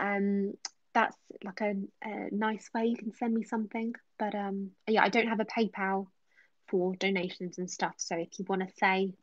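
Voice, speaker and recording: A young woman hosting a relaxed livestream, answering chat questions in a chatty voice that slips into soft whispers. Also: on the high side, no echo, dull audio. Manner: chatty, drifting between normal voice and soft whispers. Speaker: ASMR livestream host.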